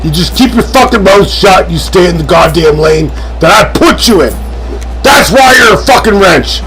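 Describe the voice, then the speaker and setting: Hotheaded male streamer, high and wildly swinging voice, profane yelling rants, faint music underneath. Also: lively intonation, normal speed, poor audio. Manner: yells and swears at an in-game advisor. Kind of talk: live game stream commentary.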